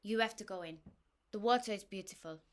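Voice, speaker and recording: A woman's voice: medium pitch, brisk, lightly acted. A woman voicing a tall, breezy French woman with a French accent, abrupt but endearing in manner. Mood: insistent. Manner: blunt, cheery, insistent.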